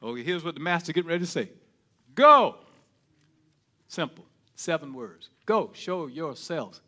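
A man a sermon, dropping to hushed murmurs and then rising to shouted, ringing cries. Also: a little high, a little fast. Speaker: preacher.

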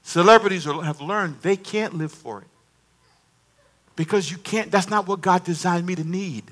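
A man preaching a lively sermon as a pastor, talking back and forth with his congregation. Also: high-pitched, normal speed.

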